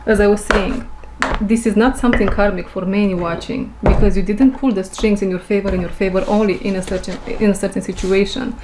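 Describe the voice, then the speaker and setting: A woman of middle pitch gives an unhurried spiritual reading, repeating her phrases as she feels for the right words. English is not her first language. She is recorded on a camera mic in an echoey room. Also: steady tone, background noise. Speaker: intuitive reader.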